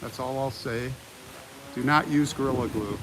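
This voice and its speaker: A man's voice: mid-range voice, moderate pace. Older man, American accent, rambling live tour host, outdoors on a phone, harsh noisy stream audio, wind. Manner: rambling, chatty, reads viewer comments aloud. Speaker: livestream host. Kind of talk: live walking tour commentary. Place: outdoors in a cemetery.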